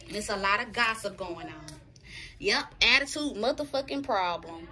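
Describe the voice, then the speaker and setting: A woman's voice: fairly high pitch, lively intonation, moderate pace, bright, forceful tone. A woman giving a casual tarot reading, talking bluntly and profanely and checking in with her viewers. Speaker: tarot reader.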